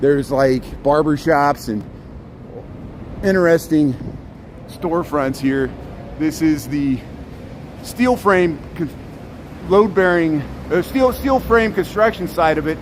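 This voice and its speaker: Streaming a city walk, this vlogger speaks slowly with a fairly high pitch and long pauses. He points out sights in a chatty way, frequently starting sentences over, as he moves from an outdoor street into an echoey building arcade amid traffic noise.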